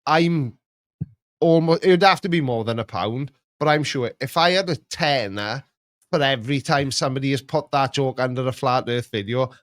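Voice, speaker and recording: A man hosting a casual chat, reading viewer comments in a rambling, mocking, animated way. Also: mid-range voice, moderate pace, no room sound, studio quality. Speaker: host reacting to viewer comments.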